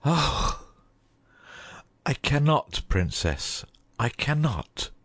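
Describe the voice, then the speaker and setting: Torn up loyal huntsman voiced by a guy, slow husky delivery, dry sound. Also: medium pitch, sing-song, a bit bright, full character voice. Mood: anguished. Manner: anguished, emotional. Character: anguished loyal male huntsman. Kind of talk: dramatized audiobook reading.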